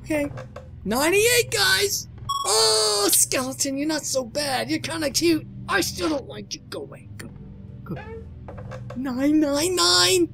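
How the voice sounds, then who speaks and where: A man doing jokey, excitable let's play commentary, exclaiming and talking to himself while playing a horror game. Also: extremely high pitch, a little slow, creaky. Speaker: gamer doing a playthrough. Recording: game music playing behind. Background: game music.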